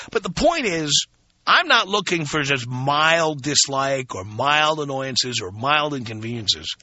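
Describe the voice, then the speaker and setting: A man's voice: on the high side, pushed and bright, dry recording. A male talk radio host telling a frank, emphatic story to his listeners, casual and blunt, with many fillers. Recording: dull lo-fi radio broadcast.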